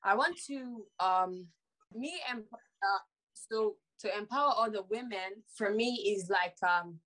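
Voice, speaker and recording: A woman's voice: medium pitch, slow pace, a bit bright, poor audio. A young woman from Sierra Leone answering audition interview questions hesitantly, with many fillers. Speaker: reality show applicant.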